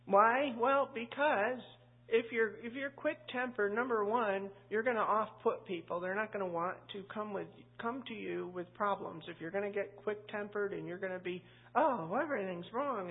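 A woman's voice: medium pitch, moderate pace, husky. A woman pastor teaching a Bible study in a chatty, anecdotal way, full of asides. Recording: tinny phone-like line.

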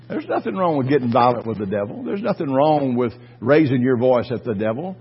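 A man preaching a fervent sermon, swinging between quiet asides and loud exhortation. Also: mid-range voice, sing-song, moderate pace, slightly rough, highs cut off. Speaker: pastor.

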